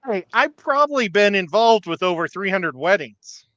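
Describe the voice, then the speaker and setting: A man's voice: high-pitched, expressive, normal speed, sharp tone, dry recording. A man in casual live stream chat, defending himself with a self-assured manner.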